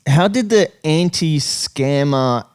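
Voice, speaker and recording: Male host, slow hesitant questioner, dry close sound. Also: a little high, lively intonation, a little mellow, clean tone, no room sound. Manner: halting, filler-heavy questions. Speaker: podcast host. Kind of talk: casual interview.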